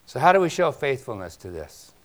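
Speaking fairly quickly in a very animated, medium-pitched voice, a male pastor preaches conversationally. He throws rhetorical questions at the congregation and alternates between booming emphasis and hushed asides.

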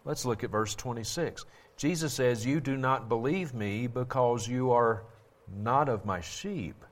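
With a mid-range voice at a measured pace, a Bible teacher offers critical commentary styled like a sermon. His tone is insistent and forceful, and he restates points again and again to stress them.

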